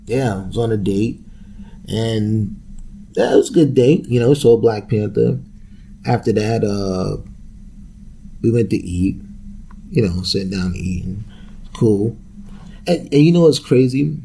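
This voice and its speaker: A young man rants casually on his podcast in a dark, mellow voice with a gravelly edge. He swears freely and laughs his way through it, all in loose slang. A faint hiss of noise sits under the recording. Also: on the low side, a little slow, long pauses. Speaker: podcast host. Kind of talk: casual profane rant.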